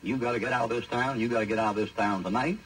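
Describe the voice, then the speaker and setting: A preacher doing offhand laid-back angels. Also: male voice, medium pitch, steady tone, rapid-fire, a bit bright, a little hiss or hum, close to an everyday voice, low-quality recording. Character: casual, evasive visiting angels.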